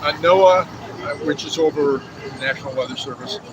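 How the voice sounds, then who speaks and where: Man, halting speech, many fillers, outdoor street, heavy traffic noise. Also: fairly high pitch. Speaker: protester explaining his sign. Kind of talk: casual street conversation.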